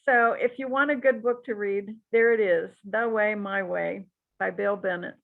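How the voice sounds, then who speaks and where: A woman teaching a psychic class in a relaxed, chatty and encouraging way, with frequent asides. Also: medium pitch, moderate pace, vocal fry. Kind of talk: relaxed spoken class talk. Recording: tinny phone-like audio.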